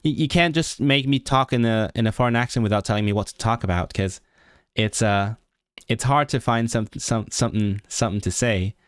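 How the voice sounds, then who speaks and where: A young man from Hong Kong with a British English accent, chatting casually on a livestream and thinking aloud in halting bursts, full of restarts and self-corrections. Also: on the low side, clear, resonant tone, no echo, clean studio sound. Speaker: livestreamer and language learner.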